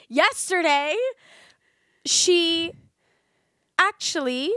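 A woman's voice: very high-pitched, drawn-out words, sharp tone, no echo, clean studio sound. A woman co-hosting a podcast, teasing her co-host and breaking into laughter during a word game. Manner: giggly, teasing, bursts into laughter. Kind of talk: casual chat, word game.

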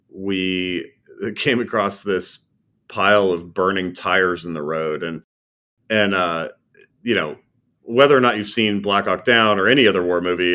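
A middle-aged man, a former army company commander, recalling combat in a halting, conversational way with many fillers and restarts. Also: low voice, pushed and bright. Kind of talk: personal war recollection, conversational.

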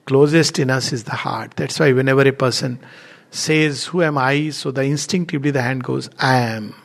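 A man's voice: medium pitch, normal speed, creaky. A middle-aged man giving a spiritual lecture, telling stories with frequent laughter and acting out the people he quotes. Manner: animated, laughs often, acts out quoted speakers. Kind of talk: lecture with storytelling.

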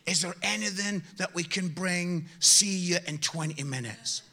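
A British man preaching a sermon full of funny personal stories, with lively swings from loud exhortation to quiet asides. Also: high-pitched, a little slow. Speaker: guest preacher. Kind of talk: sermon with humorous storytelling.

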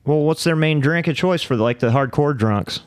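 Blunt man with a smooth voice. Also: on the high side, normal speed, no room sound, clean studio sound. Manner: blunt, grumpy one-liners. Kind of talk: casual chat.

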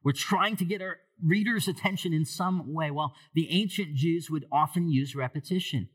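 A man preaching a sermon as pastor to a church congregation, asking them questions and moving between hushed low lines and raised loud ones. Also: normal speed, breathy edge.

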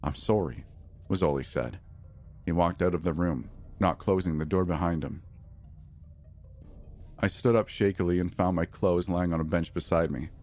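Deep-voiced male horror narrator. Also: moderate pace, long pauses, darkish tone, soft background music. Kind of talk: scripted first-person horror narration.

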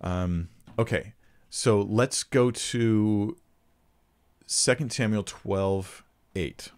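A man's voice: on the low side, extremely slow, darkish tone. A man answering viewer questions about the Bible, thinking aloud and reading scripture passages with emphasis. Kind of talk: casual teaching Q&A.

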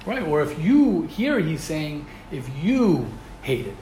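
Animated man teaching an ethics class. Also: on the high side, slow pace, slight background noise. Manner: animated, rhetorical questions, repeats himself. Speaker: Torah teacher. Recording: roomy echo.

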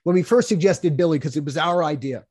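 Older guy remembering old shows, keeps restarting his sentences, voice a bit on the high side. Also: darkish tone, slightly rough. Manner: halting, many restarts. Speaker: producer. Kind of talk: casual reminiscing.

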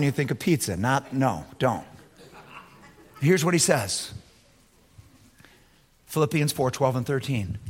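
A man preaching a sermon as pastor, swinging between loud emphatic lines and low, quiet asides. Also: breathy edge.

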